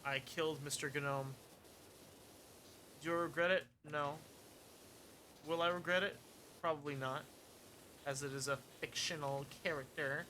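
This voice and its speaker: A man's voice: a little high, fairly even intonation, a little slow, pauses often, bright, forceful tone, a little hiss or hum. A man streaming a cleaning game, casually narrating his progress in muttered asides and dry jokes. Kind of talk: casual gameplay commentary.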